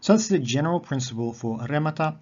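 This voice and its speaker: Guy explaining grammar slow and patient, repeats words, muffled lo-fi sound. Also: on the high side, lively intonation, darkish tone. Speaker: Greek teacher. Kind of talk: recorded grammar lesson. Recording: dull lo-fi audio.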